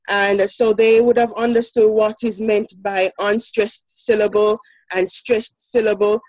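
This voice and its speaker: A woman's voice: mid-range voice, little pitch movement, a little slow, a little mellow, soft background music. A woman with a Jamaican accent presenting a poetry lesson, explaining step by step with many fillers. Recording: dull lo-fi sound.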